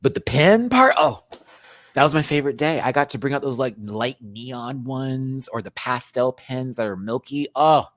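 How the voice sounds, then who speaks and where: Animated, laughing man telling stories. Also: mid-range voice, normal speed, no room sound. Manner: animated storytelling, swears freely, bursts into laughter and squeals. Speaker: drag show reviewer. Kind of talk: casual reaction chat.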